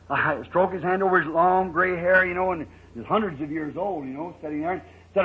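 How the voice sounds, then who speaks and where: A man preaching a sermon in a folksy storytelling manner, acting out the voices in his story with sudden shouted bursts, on a muffled old recording. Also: high-pitched, fast talker.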